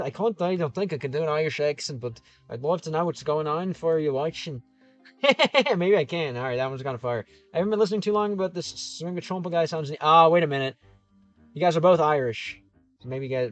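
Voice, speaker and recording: Reading viewer comments on a livestream, a chatty streamer from Ohio answers them with lots of fillers and restarts as he thinks out loud. His voice is on the high side, and the recording is dry and lo-fi.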